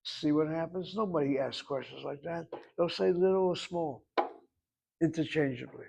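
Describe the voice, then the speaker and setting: Male teacher, slightly high pitch; patient, long-winded explainer who keeps posing questions to the class. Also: normal speed, gravelly, a little mellow, a little hiss or hum, rough recording. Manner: patient, explains at length, asks rhetorical questions. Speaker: Hebrew instructor. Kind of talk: online language class.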